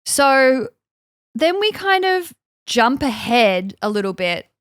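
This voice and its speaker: A woman's voice: high voice, very animated, slow, fairly bright tone, no room sound. Chatty woman podcast co-host, dry sound. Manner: chatty storytelling with frequent fillers and acted quotes. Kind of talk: casual chat, recounting events.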